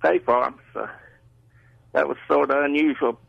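A man from Georgia phoning a radio show, telling a story in a halting, plain-spoken way. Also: mid-range voice, steady tone, gravelly, breathy edge, no room sound. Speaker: caller. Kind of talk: phone-in chat. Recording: muffled phone line.

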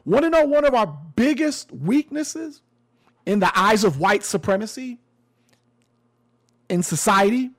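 Slow, high-voiced man commenting. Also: expressive, fairly bright tone. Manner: sarcastic, emphatic, repeats phrases. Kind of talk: casual commentary monologue.

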